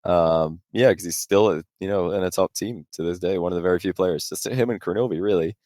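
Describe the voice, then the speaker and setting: A young man, a podcast guest, chatting casually and rambling through animated anecdotes. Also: low voice, fairly quick, no room sound, studio quality. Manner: rambling storyteller, animated when telling anecdotes. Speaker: podcast guest, esports pro.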